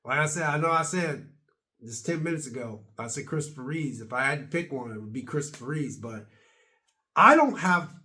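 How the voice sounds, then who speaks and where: A man's voice: a little high, expressive, normal speed, pushed and bright. Chatty older man rambling to camera. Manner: rambling and chatty with casual double negatives. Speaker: video blogger. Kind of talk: casual rambling opinion vlog.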